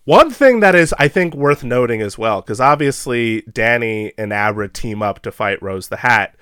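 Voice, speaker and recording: Excitable laughing man on a film podcast. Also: mid-range voice, normal speed, clean tone, dry recording, studio quality. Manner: excitable, laughs often, rambling fillers. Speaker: podcast co-host. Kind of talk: casual chat about a film.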